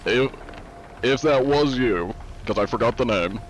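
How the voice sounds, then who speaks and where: A man's voice: mid-range voice, measured pace, slight background noise. A man streaming a game live in a casual, laid-back way, reading chat aloud, answering it and using many "uh" fillers. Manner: frequent "uh" fillers.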